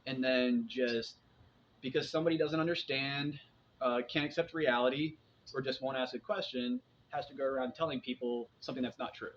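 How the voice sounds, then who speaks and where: A man's voice: medium pitch, steady tone, brisk. A man in his forties talking in a casual, rambling monologue to his viewers, often restarting his sentences and dropping in fillers. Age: 40s. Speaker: vlogger sharing personal experience. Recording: dull lo-fi sound with faint background noise.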